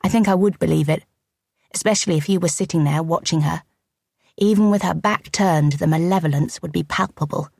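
A woman reading an audiobook gives a dry-witted woman cleric a wry, quick, understated delivery. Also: on the low side, creaky, a little mellow, dry recording.

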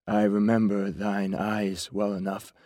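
A man's voice: lowish voice, monotone, unhurried, dark tone, no echo, studio quality, lightly acted. A man voicing a fifty-one-year-old stage actor who speaks faintly and wheezily, barely audible, in an audiobook. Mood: faltering.

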